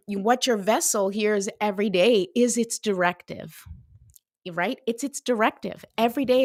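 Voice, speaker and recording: A woman in her thirties hosting a casual motivational talk, chatty and animated, full of fillers, acting out little voices as she goes. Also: medium pitch, no room sound, clean studio sound. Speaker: host.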